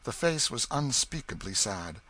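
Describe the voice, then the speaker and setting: A male audiobook narrator with a voice in the middle range. He reads the prose in an even, measured storytelling manner. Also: mid-range voice. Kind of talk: scripted narration.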